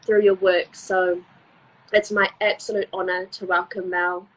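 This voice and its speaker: Woman host of a livestream, husky, effusive and chatty, heard over a video call. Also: fairly low pitch, level tone, measured pace, fairly bright tone, rough recording. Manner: gushing, effusive, many fillers. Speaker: host of a live interview series. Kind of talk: casual chat on a live stream.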